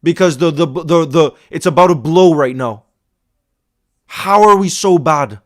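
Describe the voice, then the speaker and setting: A man reacting live to a football match as a fan-channel host, exasperated and ranting, repeating himself, and swinging from loud outbursts to low muttering. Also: a little slow. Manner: repeats himself, stammering restarts.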